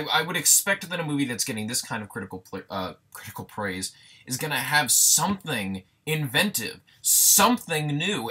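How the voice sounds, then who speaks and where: A man's voice: mid-range voice, bright, forceful tone, husky. A young man ranting through a casual movie review, sarcastic and exasperated, swearing freely.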